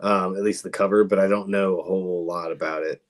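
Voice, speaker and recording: A man's voice: low-pitched, fairly even intonation, a little fast. A man co-hosting a casual chat, giving short, easygoing answers. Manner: brief, easygoing replies. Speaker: co-host.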